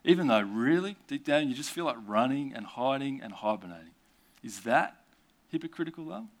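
Male preacher, mid-pitched, casual asides, keeps asking the congregation questions. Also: animated, a little fast. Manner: rhetorical questions with conversational asides. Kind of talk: sermon.

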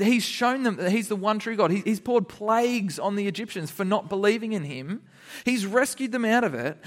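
Man, high voice, kids' bible lesson, animated, laughing, acts out characters. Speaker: children's Bible teacher. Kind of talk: lively kids' sermon.

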